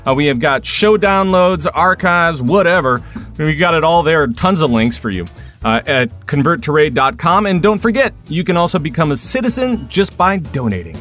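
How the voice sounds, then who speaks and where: A man hosting a casual gaming podcast in a slightly higher voice, rambling through plugs with lots of fillers. Soft music plays faintly behind him. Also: expressive, moderate pace. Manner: rambling, filler-heavy, laughs easily. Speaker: podcast host.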